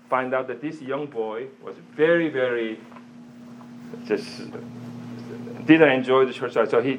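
A man teaching a church audience in a sermon style, animated, quizzing listeners, with broken, non-native-sounding phrasing. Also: mid-range voice, a little hiss or hum.

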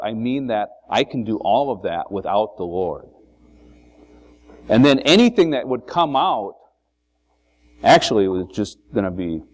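A man with a lowish, darkish voice preaches an informal sermon to a congregation in a meeting hall. He's conversational, often saying "you know," restarting sentences, and asking rhetorical questions.

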